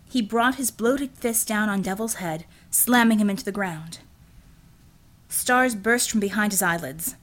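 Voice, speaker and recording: Woman, audiobook narrator, steady, measured, mid pitch.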